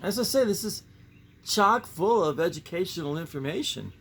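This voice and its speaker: Gravelly man musing over old comics. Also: high-pitched, expressive, normal speed, fairly bright tone. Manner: rambling, musing, sighing asides. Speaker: comic book collector host. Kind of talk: casual show-and-tell commentary.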